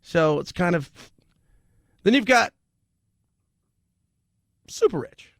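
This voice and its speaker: Male radio host, gravelly, slightly high, animated and joking, dry studio sound. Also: slow pace, no echo. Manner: joking, animated, laughs often. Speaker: radio talk show host. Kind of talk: casual talk radio monologue.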